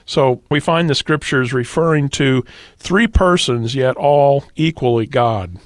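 A man speaks as a pastor on a radio discussion, patient and teacherly as he works through verses, with the odd "uh" along the way. His voice sits at an ordinary pitch. The recording is close and dry, with no room sound. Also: unhurried, dry recording. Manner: teacherly, quotes scripture, occasional fillers. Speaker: pastor, guest. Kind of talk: radio discussion, explaining doctrine.

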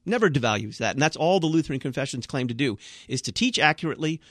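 A man's voice: medium pitch, animated, fast talker, no echo. Male pastor on a talk radio panel, emphatic and blunt, dry studio sound. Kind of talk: radio talk show discussion.

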